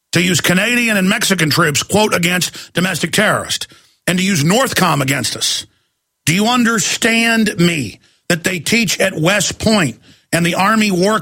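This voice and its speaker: A man hosting a talk radio show, ranting angrily, often shouting at his listeners. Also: high-pitched. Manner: angry, shouting, accusatory. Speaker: radio host.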